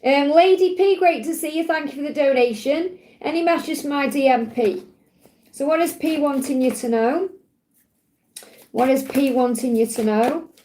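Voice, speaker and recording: A woman with a Stoke-on-Trent accent, giving a gentle, chatty card reading on a live stream and answering viewers. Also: high voice, moderate pace, poor audio. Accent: Stoke-on-Trent English. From England. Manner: gentle, reassuring, chatty with frequent restarts. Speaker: tarot and angel card reader.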